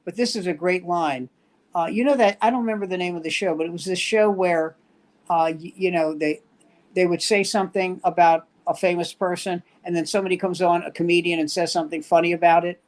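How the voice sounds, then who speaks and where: A man's voice: high voice, a little fast. An older man hosting a casual comedy talk show, retelling film scenes and acting out the dialogue with energy. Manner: animated storyteller acting out quoted dialogue. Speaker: host.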